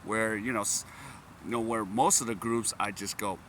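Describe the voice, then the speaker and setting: Man from the US, casual vlogger, bright tense tone, constant laughter and amused asides, faint noise behind. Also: on the low side, steady tone, normal speed. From United States. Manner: laughs often, breaks into amused exclamations. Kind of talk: casual vlog chat.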